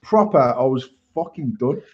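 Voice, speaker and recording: A man with a medium-pitched, expressive voice hosts a live chat show at a moderate pace. Worked up, he rants and tells a story with heavy swearing, and the lo-fi stream audio is slightly muffled.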